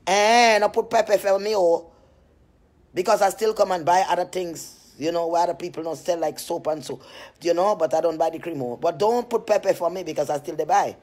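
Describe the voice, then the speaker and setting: A woman's voice: fairly low pitch, brisk. A woman talking casually on a phone live stream from home, telling rambling stories and laughing often. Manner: chatty, laughs often, animated storytelling. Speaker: cream seller on a live stream. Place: at home, just out of bed.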